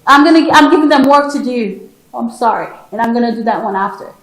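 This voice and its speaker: High-pitched woman teaching a room, lively teacher vibe, repeats stuff to drive it home. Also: fast talker, rough recording. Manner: animated, teacherly, repeats words for emphasis. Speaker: speaker teaching pronunciation. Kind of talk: interactive classroom-style talk. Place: conference hall.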